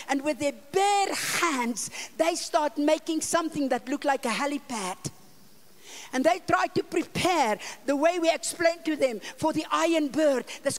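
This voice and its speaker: An older woman with a South African accent, an evangelist telling a story in a sermon and acting out the dialogue with sudden loud and soft turns. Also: high-pitched, moderate pace. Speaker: evangelist preacher. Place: church conference hall.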